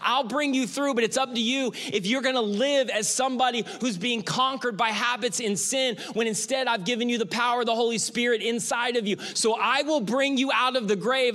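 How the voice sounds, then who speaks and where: A man's voice: extremely high pitch, full character voice. A man voicing Jesus in a sermon, earnest and reassuring, repeating his promises.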